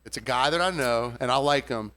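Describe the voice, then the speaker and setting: A man's voice: mid-range voice, a little fast. A man who works as a bartender, telling a story in a casual podcast chat, swearing freely and imitating customers. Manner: animated, profane, mimics customers' voices.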